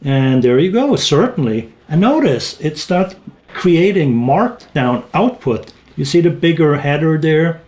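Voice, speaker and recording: A man narrating a casual screen-recorded software walkthrough, thinking aloud as he goes, with small restarts. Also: fairly high pitch. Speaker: tech tutorial presenter.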